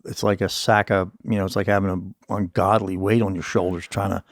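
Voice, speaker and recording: Gravelly, profane man in his sixties. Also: low-pitched, level tone, brisk, few pauses, dry recording, clean studio sound. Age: 60s. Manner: profane, self-mocking storyteller. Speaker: podcast host. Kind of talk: casual interview chat.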